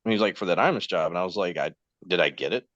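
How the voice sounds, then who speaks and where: A man in his forties with a very low, deep voice rambles through anecdotes in casual podcast chat, slipping into other people's voices as he quotes them. The recording is dull and lo-fi, with a dry, close sound and no room echo. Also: very fast, fairly bright tone. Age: 40s. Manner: rambling anecdotes acting out quoted dialogue, laughs often. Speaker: podcast guest host.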